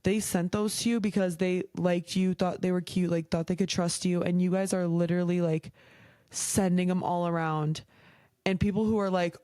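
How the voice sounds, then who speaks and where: A woman's voice: on the low side, level tone, normal speed, warm tone, clear, resonant tone, no echo. A young woman hosting a podcast, chatting casually and frankly, heated and swearing often, with a lot of "like". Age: young adult. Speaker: podcast host. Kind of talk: casual chat.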